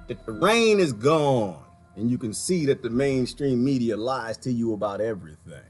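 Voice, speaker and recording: Animated man chatting on a livestream. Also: medium pitch, normal speed, hardly any pauses, husky, soft background music. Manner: rambling, laughs often, talks to viewers. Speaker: livestream host. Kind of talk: casual livestream chat.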